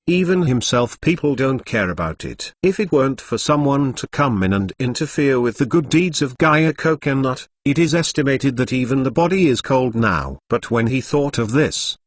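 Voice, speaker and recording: Computer guy voice reading a novel, dry, medium pitch. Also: no room sound. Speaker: narrator. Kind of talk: synthetic story narration.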